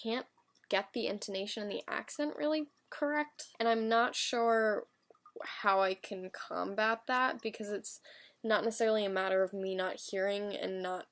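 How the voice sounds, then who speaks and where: A woman's voice: medium pitch, steady tone, moderate pace, a bit bright. A young woman talking about her language studies in a casual, candid and self-reflective vlog chat. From United States. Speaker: language-learning vlogger.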